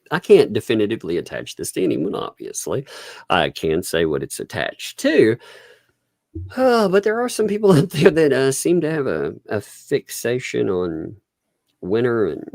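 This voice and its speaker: Gravelly low-voiced man chatting on a livestream. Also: wildly swooping pitch, unhurried, no room sound, clean studio sound. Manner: chatty, laughs often, trails off and restarts. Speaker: livestream host. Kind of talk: casual livestream commentary.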